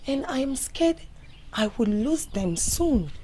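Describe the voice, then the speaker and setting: A woman's voice: sits high, big pitch swings, takes it slowly, warm tone, slight background noise, full character voice. An actress with a Nigerian accent playing a worried young woman who earnestly pleads for her family. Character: worried grown daughter, the steady one of the family.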